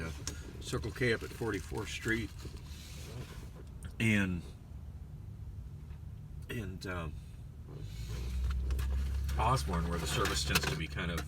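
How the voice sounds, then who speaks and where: A man's voice: lowish voice, far from the mic, noisy background. A man vlogging casually from a parked car, rambling with many fillers and restarts. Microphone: phone.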